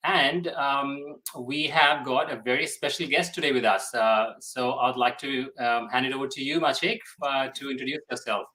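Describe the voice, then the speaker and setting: A man's voice: medium pitch, normal speed, hardly any pauses, pushed and bright, poor audio. A man co-hosting a casual webinar, talking hesitantly with many fillers over a video call. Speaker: solutions architect and co-host.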